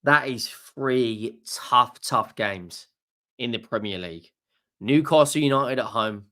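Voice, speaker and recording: A man's voice: fairly low pitch, bright, forceful tone. A young man hosting a football channel, giving a casual, enthusiastic match reaction and often repeating words and restarting phrases.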